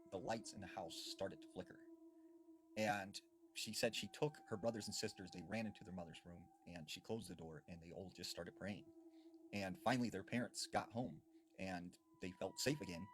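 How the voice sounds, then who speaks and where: A man telling a spooky folklore story in a casual, conversational way, building suspense with pauses and emphasis. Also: fairly low pitch, slight background noise. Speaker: horror storyteller. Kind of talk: casual spoken scary storytelling.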